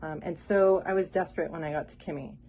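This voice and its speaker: A woman from Miami giving a heartfelt, halting testimonial, close to tears. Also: deep voice, steady tone, creaky, warm tone, a little hiss or hum. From Miami, Florida. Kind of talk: emotional spoken testimonial.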